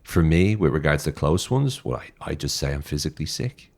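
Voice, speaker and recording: A man's voice: extremely low pitch, lively intonation, brisk, darkish tone. An Irish man talking as a podcast guest, blunt and direct, swearing freely as he gives advice. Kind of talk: casual interview talk.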